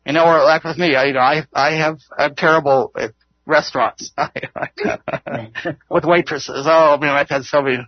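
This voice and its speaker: A man leads an informal Bible study, earnest and rambling, chuckling at his own failings as he talks. His voice is somewhat husky and sits a little high. The recording is dry and slightly dull. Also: fairly even intonation, moderate pace, dry recording. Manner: earnest, rambling, laughs often. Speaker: Bible teacher.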